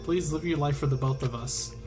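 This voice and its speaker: A man's voice: on the high side, a little fast, over music, natural voice. A man doing a shy, polite computer program. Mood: gentle.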